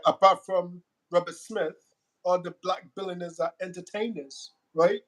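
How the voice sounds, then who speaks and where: A man's voice: high voice, steady tone, normal speed, fairly bright tone, rough recording. A man in his forties from Africa, talking in a casual, earnest conversation, repeating words and ending points with a questioning "right?".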